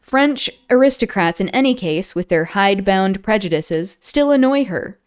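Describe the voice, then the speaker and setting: A streamer reads a book's introduction aloud in a smooth, clear voice. She sometimes stumbles over a word and starts it again. Now and then she stops to add a casual, chatty comment of her own. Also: medium pitch, lively intonation, normal speed. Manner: stumbles and restarts on words, laughs at own slips. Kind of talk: reading aloud with casual asides. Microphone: streaming setup.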